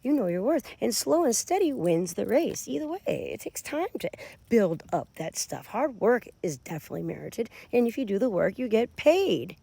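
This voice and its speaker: Gravelly, animated woman reading tarot. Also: a little high, normal speed. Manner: animated, addresses viewers directly. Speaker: tarot reader.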